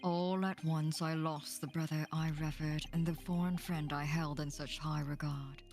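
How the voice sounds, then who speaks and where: A woman reading the narration of a grave, aristocratic male prosecutor in a measured, solemn way. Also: low-pitched, fairly even intonation, darkish tone, faint music behind.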